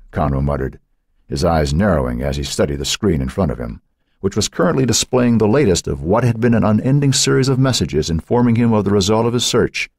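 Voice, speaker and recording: A man narrating an audiobook in a measured storytelling manner. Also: low voice, animated, a little mellow, husky, dry recording, clean studio sound. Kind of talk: scripted narration.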